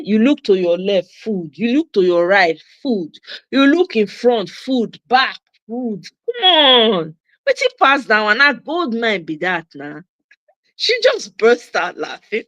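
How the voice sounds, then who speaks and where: A Nigerian woman hosting a casual livestream, her voice bright and a little high. She speaks emphatically and slips between Pidgin and English. The sound is dry and close. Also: no echo. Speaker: host.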